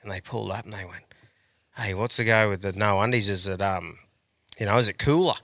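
Crude laid-back Australian host, bright tone. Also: male voice, lowish voice, fairly quick, no room sound. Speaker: podcast host. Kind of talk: casual banter.

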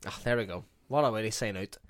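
A man's voice: fairly low pitch, fast, no echo. A man hosting a podcast in casual banter, swearing freely and laughing often. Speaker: podcast host.

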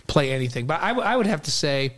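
Chatty higher-voiced male co-host. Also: sing-song, fast talker, fairly bright tone. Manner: chatty, rambling anecdotes with fillers. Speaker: co-host of a sports radio show. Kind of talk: casual studio banter. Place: radio studio.

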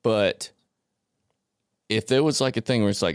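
A man's voice: on the low side, unhurried, long pauses, clean tone, no room sound, studio quality. A man co-hosting a podcast in casual chat, telling a story and acting out quotes along the way. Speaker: podcast co-host.

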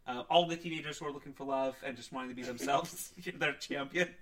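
Guy cohosting a podcast, bright sharp voice, a bit far from the mic. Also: mid-range voice, quick pace. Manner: adds details and recaps in a relaxed way. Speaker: podcast co-host. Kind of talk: casual chat.

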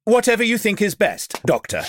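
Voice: mid-range voice, huge pitch swings, normal speed, slight background noise. An actor playing a reserved alien lieutenant who speaks formally and stiffly, without contractions, in an audio drama.

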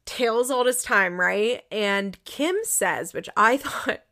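A woman's voice: medium pitch, slow, pushed and bright. A woman giving a casual, rambling recap of a reality show, opinionated and indignant, with many "like" fillers. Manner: rambling, chatty, lots of "like" fillers.

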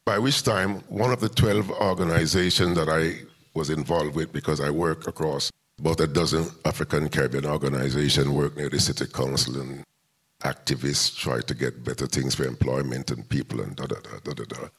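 Deep-voiced older man telling stories. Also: steady tone, a little fast, breathy edge. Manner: recounts events step by step, acting out quoted dialogue. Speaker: music promoter and interview guest. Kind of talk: long anecdotal storytelling.

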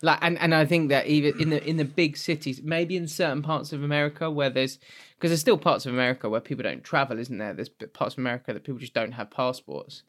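Animated man, laughing podcast co-host. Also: quick pace. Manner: animated, laughs often, pitch jumps when outraged. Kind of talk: casual chat.

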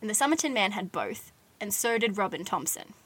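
A woman's voice: mid-range voice, very animated, fairly quick, fairly bright tone, husky. A young woman, casually telling a true-crime story on a podcast, chatty with lots of "like"s and giggly asides. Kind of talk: casual chat.

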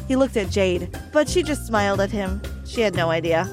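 A woman narrating a dramatic first-person story in an animated storytelling manner. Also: medium pitch, a little fast, few pauses, faint music behind.

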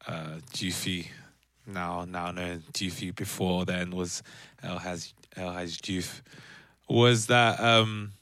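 A man, a podcast co-host telling a lively story in casual chat and acting out other people's voices. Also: low-pitched, slow, no echo, clean studio sound. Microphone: remote call from home.

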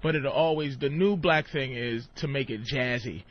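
A man's voice: mid-range voice, moderate pace. A man co-hosting a podcast, bantering crudely and rambling with lots of fillers, often laughing. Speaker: podcast co-host. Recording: muffled lo-fi podcast audio.

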